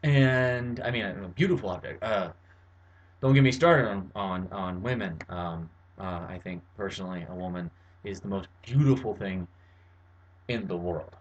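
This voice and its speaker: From his bedroom, a young man vlogs to camera in a low voice at normal speed, with dull audio. He explains something in a casual, wordy monologue packed with fillers and restarts.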